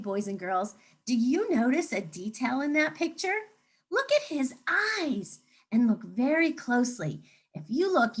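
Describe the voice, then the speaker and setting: A woman teacher reading a picture book aloud to children, animated and coaxing, pausing to ask them questions. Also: high-pitched, breathy edge.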